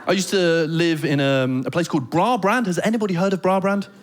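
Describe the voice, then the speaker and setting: British guy doing standup, highish voice, swears a lot, acts out the crowd. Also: fairly quick. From Britain. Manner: animated storytelling, swearing, acting out crowd shouts. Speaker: stand-up comedian. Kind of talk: stand-up comedy set. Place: theatre stage before a laughing audience.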